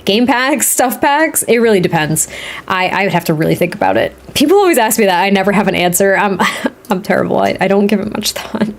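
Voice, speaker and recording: Woman, Boston accent, casual game commentary, frank and chatty, mid-pitched voice. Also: lively intonation, brisk. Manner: chatty, frank, thinks out loud. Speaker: Sims builder streamer. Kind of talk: casual gaming commentary while building.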